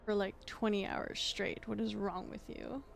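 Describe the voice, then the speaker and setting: A woman's voice: medium pitch, steady tone, a little slow, vocal fry. A woman putting on the voice of her male house cat, scolding her with contempt. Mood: scornful.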